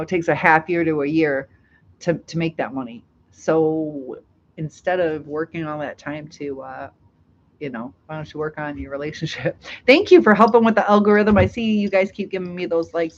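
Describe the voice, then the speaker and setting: A woman's voice: low voice, dull audio, a little hiss or hum. A middle-aged woman hosting a casual live stream, reading out chat comments, chatty with frequent laughs and fillers.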